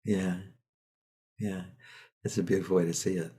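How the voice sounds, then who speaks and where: A man hosting a casual interview, relaxed and affirming as he listens and reflects. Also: sits low, moderate pace, slightly rough. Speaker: host.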